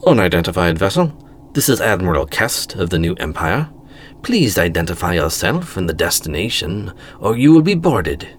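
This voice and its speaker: A man voicing a crisp, commanding male space admiral speaking through a ship's comm speakers. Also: low-pitched, very animated, normal speed, a little hiss or hum. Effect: comm speaker transmission.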